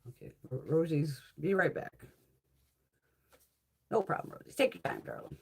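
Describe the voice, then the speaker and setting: A woman's voice: sits low, huge pitch swings, normal speed, gravelly, slightly rough. A woman chatting casually while swatching makeup, profane, laughing often and answering viewers' comments. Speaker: beauty haul host.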